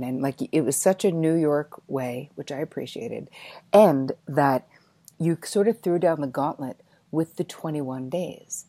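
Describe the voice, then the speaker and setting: A middle-aged woman hosting an interview, telling a lively personal story in a chatty, animated way. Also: low-pitched, moderate pace, dry recording. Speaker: podcast host.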